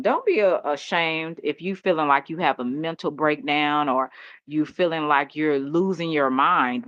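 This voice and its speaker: Woman, very low voice, dry close sound, dull lo-fi recording, candid rambling chat. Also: dry recording. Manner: candid, rambling, laughs often. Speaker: host. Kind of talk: casual chat. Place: home.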